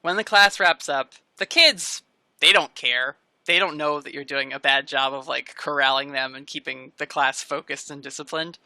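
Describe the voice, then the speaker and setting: Gravelly, bright-voiced game master. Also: female voice, low-pitched, dry recording. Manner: relaxed, chatty narration with quick voiced asides. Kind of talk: narrating a tabletop game.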